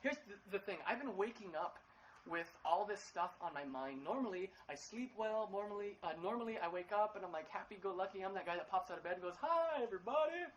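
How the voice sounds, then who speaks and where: A man's voice: high voice, brisk, dull audio. Guy pastor preaching from his living room, chatty, lots of ums, playful little voices, faint hum behind. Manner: chatty and upbeat, many fillers and restarts; acts out quoted lines in playful voices. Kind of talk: casual livestream sermon.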